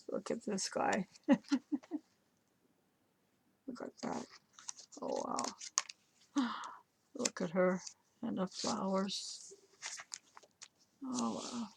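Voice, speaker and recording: A woman's voice: mid-range voice, a little hiss or hum. A woman vlogger chatting casually to camera while unboxing a gift, gushing with awe. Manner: gushing, breathy exclamations of awe. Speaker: crafting vlogger.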